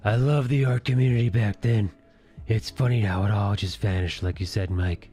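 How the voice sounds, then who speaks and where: A man hosting a relaxed live chat while he draws, reading viewer messages aloud and swearing casually. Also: fairly low pitch, moderate pace, breathy edge, faint music behind.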